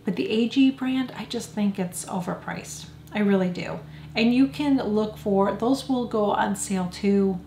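A woman's voice: mid-range voice, measured pace, creaky, dark tone, slight background noise. An older woman vlogging frank, chatty product opinions in a casual beauty review. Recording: echoey room.

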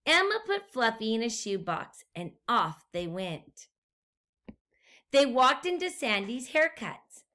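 A woman teacher reading a storybook aloud to young children and asking them gentle questions. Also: a little high, sing-song. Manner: gentle, slow, questions to the listener.

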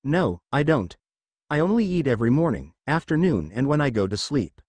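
A man's voice: mid-range voice, very animated, moderate pace, a little mellow. A man voicing a cocky, hot-headed teen hero who bosses his friends around and trades jabs with them. His voice swings up and down with plenty of life, and it sits close and dry with no room echo, like a fan fiction storybook read aloud. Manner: cocky, teasing. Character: teen boy hero, brash and hot-tempered.

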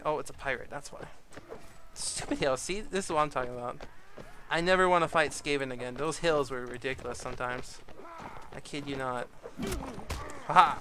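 A chatty man commenting over his own gameplay, his voice sitting a little high for a guy. He laughs a lot and shouts at his troops when things get hectic. There's a clear hiss of background noise under the home recording. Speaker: gaming YouTuber.

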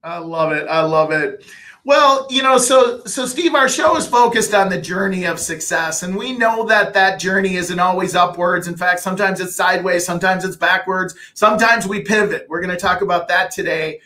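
A man hosting a podcast interview, eager in his introductions and questions and often halting with uhs and restarts. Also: high voice, pushed and bright. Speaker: podcast host.

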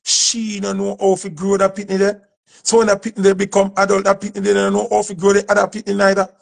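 Jamaican male dancehall artist, high and gravelly, preachy and emphatic on camera. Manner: emphatic, preachy, repeats his points. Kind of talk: impassioned speech to camera.

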